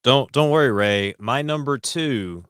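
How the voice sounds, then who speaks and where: A man's voice: medium pitch, a little slow, a bit bright, clean tone, no echo. A man co-hosting a podcast in casual chat, with dry and sarcastic jokes. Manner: sarcastic joking. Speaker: podcast co-host.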